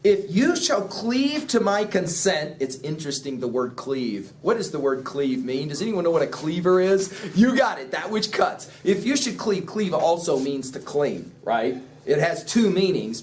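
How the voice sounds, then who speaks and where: A man's voice: on the high side, moderate pace, few pauses. A man teaching a literature class, lecturing and throwing questions at his students. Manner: asks the class questions, lively explaining. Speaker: English teacher.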